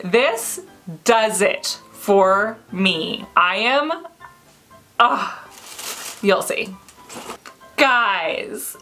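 A woman chatting to viewers while unboxing, gushing and excitable and squealing with delight. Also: fairly high pitch. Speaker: unboxing vlogger. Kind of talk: casual unboxing chat to viewers.

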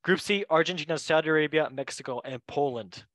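A man hosting a casual chat, playful and joking with quick asides. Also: on the high side, a bit bright, dry recording. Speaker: host.

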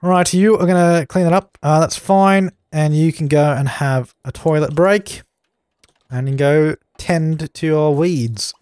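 Young male gaming host, higher-pitched voice, dry sound, sighs at and scolds his characters in a let's play. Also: unhurried, darkish tone, clean tone, dry recording. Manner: bossy and exasperated, scolding game characters.

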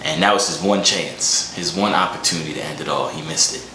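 A man's voice: very deep voice, fairly quick, bright, forceful tone. A young man hosting comedic reaction commentary, joking and wry while he eats. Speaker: host. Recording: roomy room echo, faint noise.

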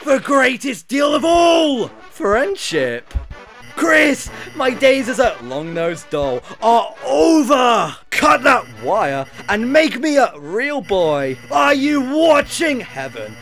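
A frantic male puppet salesman from a video game, squeaky and gravelly. He swoops wildly up and down in a drawn-out sales patter and bursts into shouts. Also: sing-song, soft background music, full character voice. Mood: manic.

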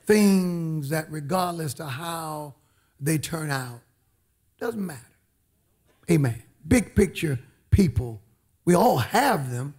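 A man's voice: a little high, a little mellow, husky. A man preaching a sermon as a bishop, emphatic, repeating phrases and calling out amen.

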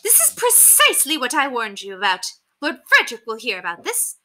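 A woman putting on a shrill, haughty noble lady. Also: wildly swooping pitch, fairly quick, bright, forceful tone, heavily acted. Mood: appalled. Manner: shrill, prissy, climbing higher. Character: haughty fussy noble lady, easily horrified.

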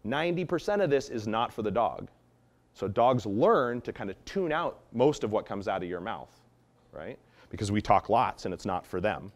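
In this lively instructional session, a man walks through how to train dogs, demonstrating example voice tones as he explains. His pitch leans toward the low side.

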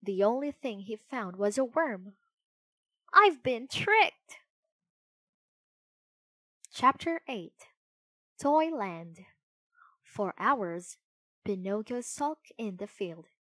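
A woman narrating a children's storybook in an expressive, unhurried way. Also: mid-range voice, dry recording.

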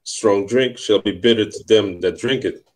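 A man with a very low voice who chats briefly and easily, then reads scripture aloud at a steady pace. His tone is relaxed and unhurried. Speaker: co-host reading scripture. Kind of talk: casual chat and reading scripture aloud.

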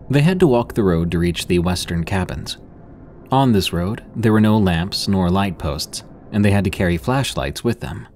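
Guy reading a spooky camp story, lowish voice, calm and measured. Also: slight background noise. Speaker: horror story narrator. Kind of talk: scripted narration.

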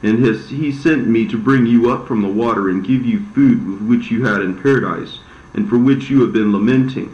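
A man's voice: mid-range voice, normal speed, a little mellow, close to an everyday voice. A man voicing a bitter, deceitful devil. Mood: coaxing. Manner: smooth-talking, bitter, aggrieved. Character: envious, deceitful fallen angel, the devil. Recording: roomy, slightly dull recording.

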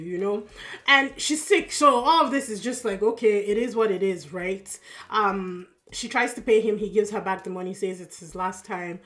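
A woman with a Yoruba-accented lilt talks through a drama episode in a loose, chatty recap. She sounds tired but stays expressive, with plenty of fillers and asides along the way. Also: medium pitch, normal speed. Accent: Yoruba-accented English. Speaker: drama reaction YouTuber. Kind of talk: casual recap.

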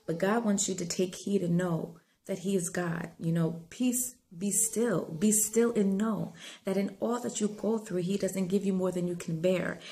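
A woman's voice: medium pitch, measured pace, warm tone. A woman talking earnestly to her viewers, telling a dream and giving faith-based encouragement in a conversational way. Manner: earnest, conversational, with frequent fillers; rising to fervent preaching tone. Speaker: inspirational vlogger.

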